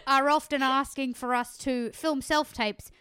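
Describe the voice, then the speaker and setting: A woman's voice: high-pitched, fairly even intonation, a little slow, fairly bright tone, dry recording, clean studio sound. A woman and actor talking casually in a self-deprecating, rambling way. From Australia. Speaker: actor and podcast co-host. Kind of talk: casual chat.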